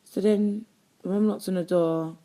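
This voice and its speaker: A woman, a guest telling a personal story in an interview, rapid and animated with lots of "like". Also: medium pitch. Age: 20s.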